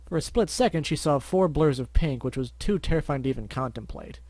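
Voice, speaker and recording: A man's voice: a little high, expressive, fairly quick, dark tone, no echo. A man reading fan fiction aloud as narrator, with wry asides and stumbling restarts. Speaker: story reader.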